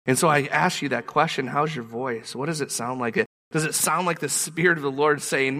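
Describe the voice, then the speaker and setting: A man preaching a sermon as pastor, animated and emphatic, repeating his points for weight. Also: fairly high pitch, fairly quick, hardly any pauses.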